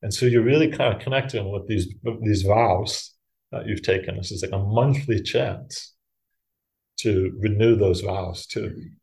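A middle-aged man, a monk giving a talk, telling a personal story in a relaxed, self-mocking way, breaking into laughs and acting out the voices of others. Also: on the low side, a little slow, gravelly. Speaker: Buddhist monk teacher.

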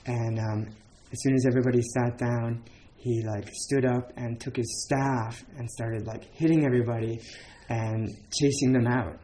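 A man's voice: mid-range voice, little pitch movement, normal speed, hardly any pauses, warm tone, slight background noise, lightly acted. A man voicing a young male Zen monk who recounts his old teacher, in plain retold speech. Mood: recounting.

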